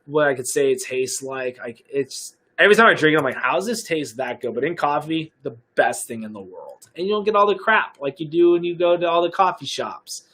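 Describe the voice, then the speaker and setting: A young adult man, a fitness coach from the United States, chatting casually and upbeat on a live stream, rambling with fillers and restarts while pitching a product. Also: fairly bright tone.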